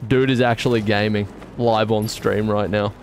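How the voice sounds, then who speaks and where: A young man streaming a video game live, commenting in an excitable, jokey and self-mocking way. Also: on the low side, moderate pace, faint music behind.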